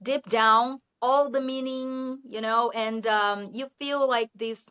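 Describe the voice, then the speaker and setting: A woman's voice: fairly high pitch, steady tone, slow, smooth. A Brazilian woman speaking English with a Brazilian Portuguese accent, an English teacher chatting casually as an interview guest, laughing often and leaning on "you know". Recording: muffled lo-fi audio.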